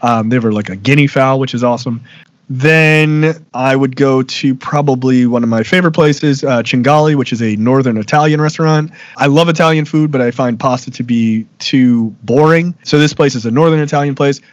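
A man's voice: mid-range voice, normal speed, dry recording, dull audio. A man from Baltimore, a guest in a casual interview, talking emphatically and laughing often.

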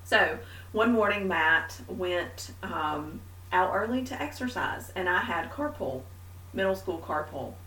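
A woman co-hosting a casual faith talk, telling a story with animated, self-mocking energy. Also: on the low side, a little slow, distant mic. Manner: animated storyteller, mimics herself. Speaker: podcast co-host. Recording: echoey room, a bit off-mic.

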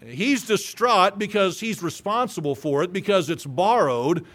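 Male preacher, sermon, emphatic storytelling, high voice, reads scripture aloud. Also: lively intonation, a little slow, fairly bright tone.

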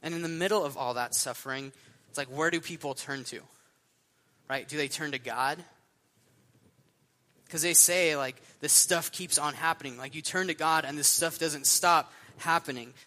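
A young man preaching a sermon, telling stories in a casual, animated way with lots of fillers. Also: on the high side, normal speed. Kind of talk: sermon storytelling.

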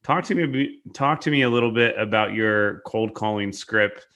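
Casting: male podcast host, low voice with a bright, forceful edge, upbeat and casual. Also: moderate pace. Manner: upbeat, casual, many fillers. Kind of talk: podcast interview.

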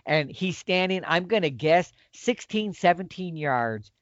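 Man with a high, swooping voice, energetic storyteller, dull dry recording. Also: measured pace, no room sound. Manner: excited, acts out quoted exchanges. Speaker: podcast guest telling a hunting story. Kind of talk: animated storytelling. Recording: dull lo-fi audio.

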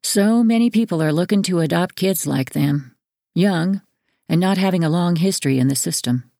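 A woman voicing an encouraging female adoption caseworker in an audiobook, low-pitched and gravelly. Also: normal speed, mellow, dry recording, studio quality. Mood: reassuring. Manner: encouraging, upbeat.

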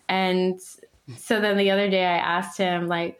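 A woman in her thirties with a young child, telling lively anecdotes in a casual conversation and laughing often as she talks. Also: lowish voice, normal speed. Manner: animated, laughing storyteller. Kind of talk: casual chat.

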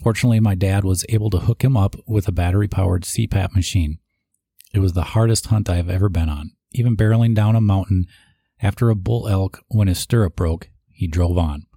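A man with a deep, creaky, husky voice and warm tone speaks briskly. As a eulogy reader, he reads written tributes aloud, sometimes stopping for his own asides and restarting lines. The recording is studio quality with no room sound.

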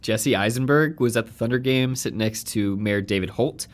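A man's voice: mid-range voice, moderate pace. A man co-hosting a podcast in casual chat, playful and joking. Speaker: podcast co-host.

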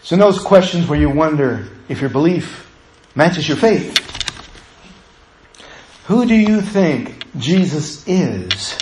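A man's voice: a little high, big pitch swings, slow pace, echoey room, background noise. A middle-aged man, a pastor, preaching a passionate sermon to his church that builds to urgent pleas.

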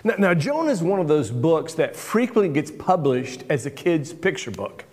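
A man's voice: on the high side, sing-song, moderate pace, a little mellow. A man who is a lead pastor, giving a conversational sermon, telling stories and repeating words for emphasis. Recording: long hall reverb.

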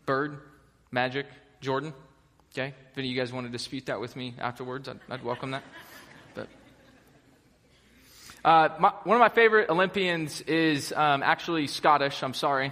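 A young American pastor preaches to a large hall with long reverb, his mid-range voice bright and forceful at normal speed, broken by long pauses. His sermon is casual, chatty and enthusiastic, packed with fillers.

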